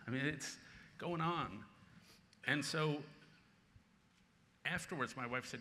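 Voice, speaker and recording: Sixties guy telling stories at a conference, crisp bright voice, long hall echo, bit of hiss. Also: medium pitch, takes it slowly, pauses often. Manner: lively anecdotal storytelling with bursts of laughter. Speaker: featured speaker, columnist. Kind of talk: conference Q&A answer. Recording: long reverb in a large hall with faint noise.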